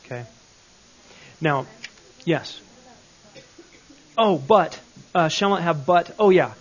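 A man's voice: a little high, lively intonation, slow pace, breathy edge, highs cut off. A man teaching a Bible grammar lesson, explaining step by step and checking in with questions.

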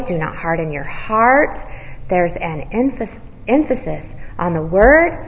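A woman preaching a sermon. She asks the listeners questions and answers them herself, and she sometimes drops to a hushed near-whisper for emphasis. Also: medium pitch. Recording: dull audio with long hall reverb.

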